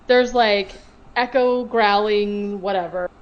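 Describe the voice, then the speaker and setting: A woman's voice: mid-range voice, slow, dull audio. A woman co-hosting a podcast, rambling through a casual movie recap full of fillers. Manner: rambling, filler-heavy storytelling. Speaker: podcast co-host.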